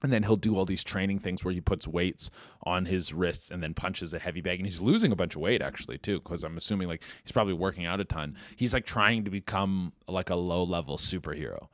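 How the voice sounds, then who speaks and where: Man, podcast host, low voice, profane rambling chat, dry close sound. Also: fairly quick, dry recording. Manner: rambling, profane, lots of "like" and "dude"; animated, jumps up in pitch when excited.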